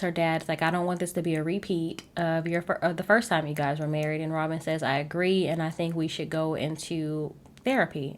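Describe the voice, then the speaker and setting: A young woman, giving a chatty, sassy recap of a reality TV episode, laughing often and dropping playful asides. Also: fairly low pitch. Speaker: recap host. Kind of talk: casual TV recap commentary.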